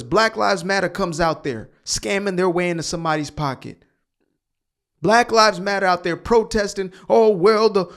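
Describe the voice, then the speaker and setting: A man hosting a commentary channel, ranting heatedly with rhetorical questions and swearing. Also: fairly high pitch. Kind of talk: reaction commentary rant.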